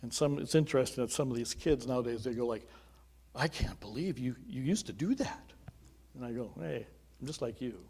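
Earnest conversational male pastor, mellow voice. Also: mid-range voice, expressive, a little fast, gravelly, husky. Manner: earnest and conversational, with chuckling asides. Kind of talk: sermon with personal testimony.

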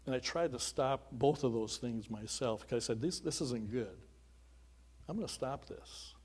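A middle-aged pastor preaches a sermon built on personal testimony, telling his own story earnestly and conversationally with small chuckling asides. His medium-pitched voice is a little mellow with a breathy edge, at a normal speed.

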